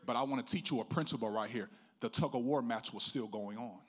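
A middle-aged male pastor preaching a sermon, telling his own story in a sing-song preaching cadence that swells from hushed to loud. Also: medium pitch, fast talker.

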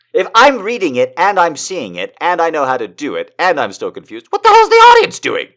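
A man reading poems aloud and joking between them, moving from slow dramatic recitation to fast, excited, profane banter. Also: a little high. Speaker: poetry reader. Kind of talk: casual poetry reading with commentary.

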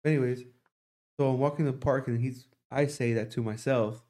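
A man's voice: mid-range voice, fairly even intonation, a little fast, dark tone. A young man in casual podcast talk, rambling through a long story with lots of swearing. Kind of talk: casual chat.

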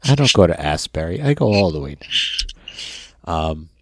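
A man from New Jersey, co-hosting a casual chat over a video call and telling profane, animated stories. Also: sits low, normal speed, no echo. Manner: profane, storytelling, animated impressions. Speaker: podcast co-host.

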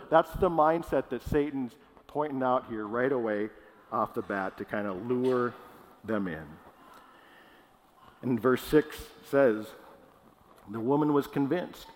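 A man preaching a sermon as pastor, in a casual, conversational way. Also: mid-range voice. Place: church hall. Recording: long hall reverb.

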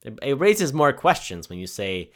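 A man's voice: medium pitch, sing-song, moderate pace. A man co-hosting a casual movie review chat, joking and easygoing as he defends a film. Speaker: podcast co-host.

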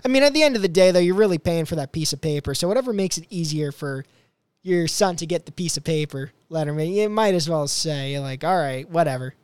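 A man's voice: a little high, expressive, a little fast, a little mellow, smooth, no room sound. A young man hosting a podcast, chatting casually and loosely about clips he plays, full of fillers and restarts. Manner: rambling, filler-heavy. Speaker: podcast host.

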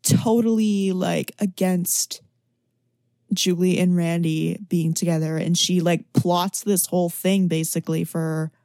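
A woman's voice: fairly low pitch, unhurried, no echo, clean studio sound. A young woman in casual conversation about a movie, talking loosely with lots of "like" fillers. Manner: chatty, many "like" fillers, animated quoting.

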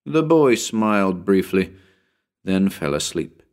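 A man's voice: deep voice, very animated, slow, a little mellow, smooth. A man narrating a spooky story as an audiobook, building suspense in a dramatic storytelling manner.

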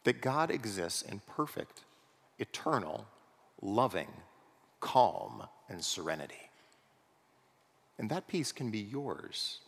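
A pastor preaching a sermon in a conversational way, often checking in with the congregation through rhetorical questions. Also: male voice, lowish voice, big pitch swings, takes it slowly, gravelly, long pauses, slightly rough. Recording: long reverb of a large hall.

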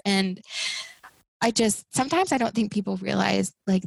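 Gravelly, husky woman in her 30s, chatty guest, does little voices for people in her stories. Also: medium pitch, moderate pace, dry recording, low-quality recording. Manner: animated storytelling, acts out quoted people in raised voices. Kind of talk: casual podcast conversation.

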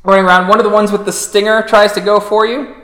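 A man acting as storyteller for a tabletop role-playing game, calling out dice rolls with relaxed "uh" pauses. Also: sits high, reverberant.

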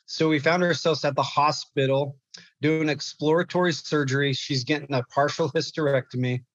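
Halting man telling a hard story. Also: on the high side, steady tone, a bit bright, dry recording, dull audio. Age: young adult. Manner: halting, repeats words when upset. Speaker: guest, clinical therapist. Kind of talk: emotional personal storytelling.

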